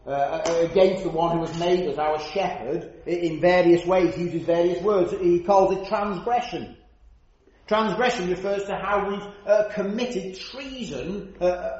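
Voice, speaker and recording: A man's voice: high-pitched, a little slow, a little mellow. A man preaching an earnest sermon, stressing his points and asking rhetorical questions. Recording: roomy, dull church recording.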